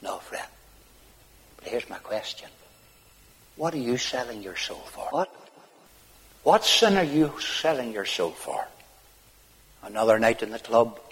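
Northern Irish preacher, hushed to shouted. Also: male voice, very animated, measured pace, pauses often, slightly rough. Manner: swings from hushed low tones to high shouted pleading. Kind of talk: hellfire sermon. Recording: long hall reverb.

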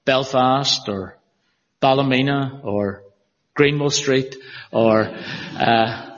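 A man's voice: medium pitch, slow. A man with a Northern Irish accent preaching an earnest, emphatic expository sermon in a church hall, with a prayer. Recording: dull audio with long hall reverb.

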